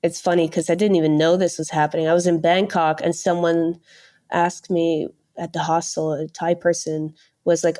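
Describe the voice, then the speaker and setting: Dutch-born woman, thirties, lower register, animated interview guest. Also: a little fast. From Netherlands. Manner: animated storyteller who mimics others' voices. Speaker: podcast guest. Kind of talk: casual interview chat.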